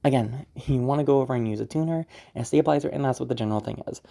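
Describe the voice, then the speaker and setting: A woman's voice: rumbling low, rapid-fire, gravelly, warm tone. A woman explaining voice acting technique in a casual, rambling tutorial, often repeating herself as she goes. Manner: chatty, explanatory, rambling with many "again"s. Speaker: voice acting teacher.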